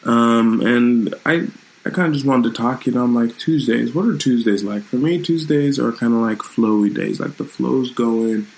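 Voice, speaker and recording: A man's voice: medium pitch, normal speed, a little mellow, rough recording. A man hosting his own channel, talking in a loose, rambling and reflective way in a casual live-streamed vlog from his room at home.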